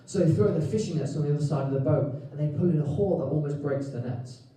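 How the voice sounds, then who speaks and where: A man with a Welsh accent preaching a sermon, telling the story lively with jokes and acted-out quotes, recorded in a church hall. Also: on the high side, fast talker. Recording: echoey hall, mic at a distance.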